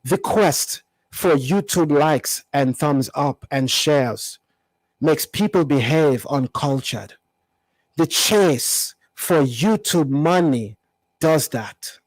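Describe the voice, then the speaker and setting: A man putting on a slow, mocking accented voice. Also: on the high side, lively intonation, dry recording, pitched below the performer's own voice, poor audio. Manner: slow, exaggerated put-on accent. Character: mocking impression of an adult male critic.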